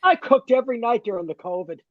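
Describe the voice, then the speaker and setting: A man in his fifties or older, a guest telling stories in a lively, camp way with big swings in pitch. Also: fast talker, no room sound, narrow, tinny audio. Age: 50s or older. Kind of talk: casual chat.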